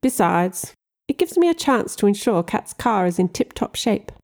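A woman reading an audiobook, voicing a polished and polite man who speaks in a measured, courteous way. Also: mid-range voice, big pitch swings, darkish tone.

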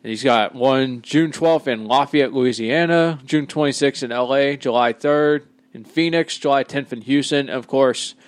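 A man co-hosting a wrestling podcast, wry and brisk as he runs through the news. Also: mid-range voice, no echo. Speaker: podcast co-host reading news segment. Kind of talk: casual wrestling chat and news rundown.

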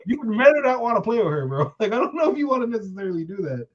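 A man's voice: high voice, big pitch swings, racing, dull audio. A man co-hosting a casual chat show, joking and laughing often, with a loose, profane way of talking. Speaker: podcast co-host.

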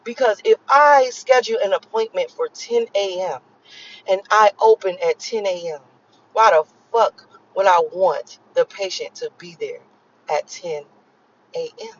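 Speaking at a measured pace with a medium-pitched voice, this woman is a thirtysomething vlogger from Miami delivering a profane, emphatic rant to her viewers, often repeating herself for effect. The slightly lo-fi recording carries a bit of background noise.

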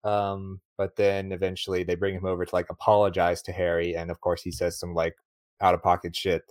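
A man's voice: deep voice, completely flat delivery, fairly quick, no echo, clean studio sound. A man co-hosting a podcast, chatting casually about a movie, rambling and laughing often. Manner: rambling, laughs often, acts out lines in a raised voice. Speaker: podcast co-host.

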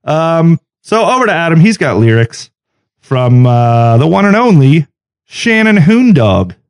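A man's voice: a little high, unhurried, clean tone. A man in his forties co-hosting a comedy podcast, jokey, running segments in casual chat. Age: 40s. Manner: jokey, animated, runs the segments. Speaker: podcast co-host.

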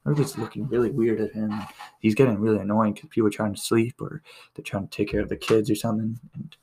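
A man's voice: lowish voice, steady tone, fast, warm tone, slight background noise. A man hosting a casual show, telling a joke in a rambling way and chuckling as he goes.

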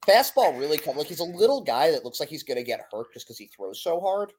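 A man hosting a casual sports podcast, talking in an animated, rambling way. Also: on the high side, fast talker, a little hiss or hum. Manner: animated, rambling, self-deprecating. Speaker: podcast host.

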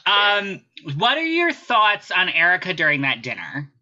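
Very bright-voiced blunt man. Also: high voice, huge pitch swings, dull audio. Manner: blunt, swears freely, quick asides. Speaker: podcast guest. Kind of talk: casual podcast chat.

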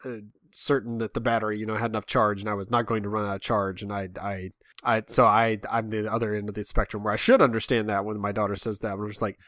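A man's voice: lowish voice, level tone, quick pace, fairly bright tone, dry recording, studio quality. A man in his thirties chatting casually as a podcast co-host, rambling with lots of restarts and self-mocking asides. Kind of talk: casual chat.

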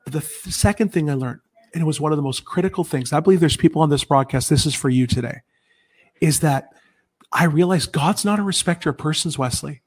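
A man's voice: fairly high pitch, a little mellow, slightly rough. A man sharing an earnest personal testimony on a Christian broadcast, preaching with emphasis and often restarting his sentences. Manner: earnest, emphatic preaching tone with rapid self-corrections. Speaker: guest speaker.

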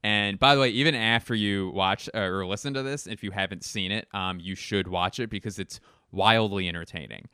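Young podcast guy rambling and swearing, bright clear voice, dry close mic. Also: fairly low pitch, fairly quick, no room sound. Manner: rambling, profane, lots of fillers. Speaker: podcast host. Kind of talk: casual chat.

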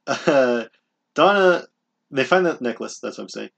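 Guy cohost running the episode recap, raspy gravelly voice, deadpan teasing. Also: mid-range voice, measured pace, highs cut off. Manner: dry, teasing, leads the recap. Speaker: podcast co-host. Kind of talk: casual chat.

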